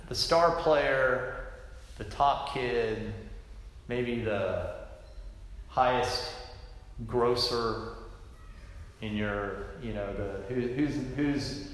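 Male pastor, casual sermon delivery, mid-pitch, long hall reverb. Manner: conversational, self-deprecating, rambling restarts.

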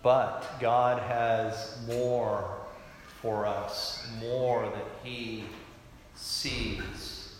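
A man preaching a sermon with emphatic delivery that swings from loud to hushed. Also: mid-range voice, steady tone, drawn-out words. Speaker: pastor. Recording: echoey hall, faint room noise.

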